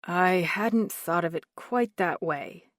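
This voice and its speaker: A woman narrator voicing a guarded man who speaks low and steady. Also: slow pace, no echo, studio quality. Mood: restrained, steady. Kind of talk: audiobook narration.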